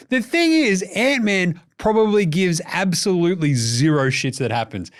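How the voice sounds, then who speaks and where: A man with an Australian accent chatting casually as a sports podcast host. His voice sits a little high and he talks with a jokey, animated edge, swearing freely as he goes. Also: unhurried.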